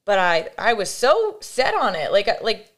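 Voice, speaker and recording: A woman's voice: medium pitch, unhurried. A young adult woman speaks as a podcast guest, recounting a personal experience frankly. She talks casually, with lots of "like" and "you know", and briefly acts out the voices of people in her story. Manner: animated, acts out quoted voices, frequent fillers. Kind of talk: candid conversational storytelling.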